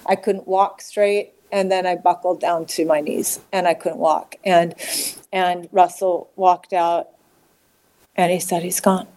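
A middle-aged woman, a podcast guest, recounting a painful personal story with halting restarts and fillers. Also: fairly low pitch, little pitch movement, warm tone. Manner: halting, with many restarts and fillers, acting out quoted voices.

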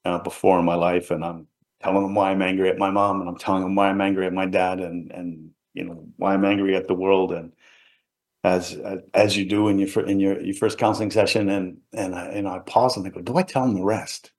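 Middle-aged man, low and deep, earnest and halting, sharing a personal story as an interview guest. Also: level tone. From England, around Liverpool. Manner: earnest, halting, often trailing off quietly.

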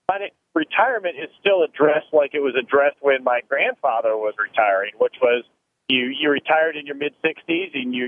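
A man's voice: medium pitch, slight background noise. Man explaining over a tinny phone line. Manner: explanatory, thoughtful, frequent restarts. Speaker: retirement planning guest. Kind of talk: phone interview.

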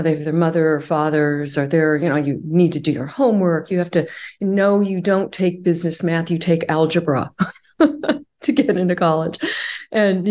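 Low-voiced woman guest, reflective. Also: a little mellow. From California. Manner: reflective, halting, with frequent fillers and laughs. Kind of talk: conversational interview.

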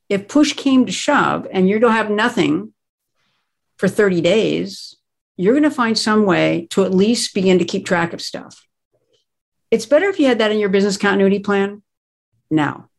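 A woman who is a guest expert, speaking in a conversational interview and explaining crisis planning emphatically, stressing her key words. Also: medium pitch.

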